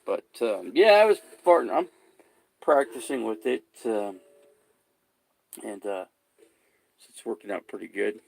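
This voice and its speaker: A man's voice: on the low side, very animated, a little slow, vocal fry, long pauses. A man talking casually to his camera, rambling, swearing and repeating himself as he gets worked up. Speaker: vlogger.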